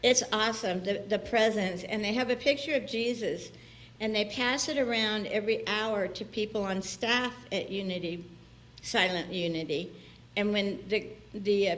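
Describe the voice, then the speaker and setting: A woman's voice: medium pitch, slight background noise. Chatty woman minister giving a sermon. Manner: chatty and personal, laughs often, acts out quotes. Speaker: guest minister. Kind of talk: conversational sermon. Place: church sanctuary.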